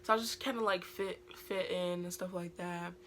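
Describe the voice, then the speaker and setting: A woman's voice: on the low side, steady tone, moderate pace, a little hiss or hum. A teenage girl with a British accent, telling a casual storytime vlog in a rambling way full of filler words. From Britain. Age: teens. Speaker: vlogger.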